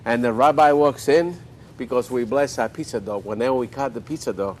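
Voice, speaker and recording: A man's voice: mid-range voice, fairly quick, a little hiss or hum. Older male cooking host, chatty storyteller, mid-range voice. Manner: folksy storyteller, joking asides.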